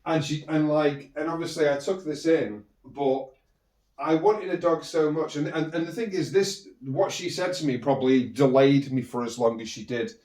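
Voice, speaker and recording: A man's voice: a little high, normal speed, darkish tone, recorded from a distance. A man hosting a podcast, telling a personal story in a rambling way, with many restarts and fillers. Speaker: podcast host. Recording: roomy echo.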